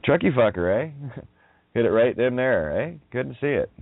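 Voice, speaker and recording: A man's voice: mid-range voice, animated, measured pace, dry recording. A man, hosting a radio show, rambling through wordplay with frequent laughter and profanity. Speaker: radio host. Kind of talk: rambling monologue. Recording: dry, phone-like line.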